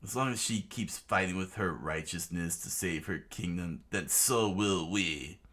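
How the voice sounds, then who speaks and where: A man reading a stubborn, loyal young male hero with laid-back, slangy talk, low and slow. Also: a bit bright. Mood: defiant.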